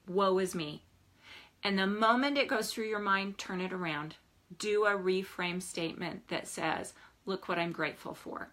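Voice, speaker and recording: Older woman life coach, crisp bright tone, eager and animated motivational vlogger. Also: medium pitch. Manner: enthusiastic and animated, often laughing. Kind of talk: motivational vlog talk.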